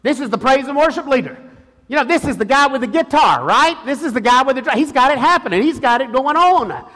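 A man's voice: extremely high pitch, expressive, fast talker, fairly bright tone. A man pastor preaching a sermon with passion, often restarting phrases and calling out to the congregation. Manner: impassioned preaching, rhetorical calls to the congregation; frequent restarts and repetitions. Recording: long reverb of a large hall.

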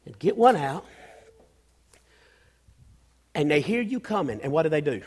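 A man's voice: on the high side, big pitch swings, crowd noise. A male pastor delivering a sermon in a church, searching for words with restarts and rising into emphatic bursts. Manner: preaching, often halting and restarting, with bursts of raised emphasis. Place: church sanctuary. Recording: long hall reverb.

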